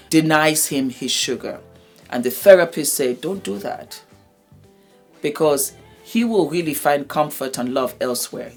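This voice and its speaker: A woman casually recapping a reality show, animated and laughing often as she acts out what people said. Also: rumbling low.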